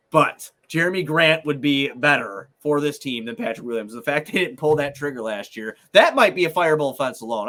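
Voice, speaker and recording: A man's voice: mid-range voice, pushed and bright. A young man co-hosting a sports podcast, ranting in a heated, profane, exasperated way. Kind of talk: heated casual chat.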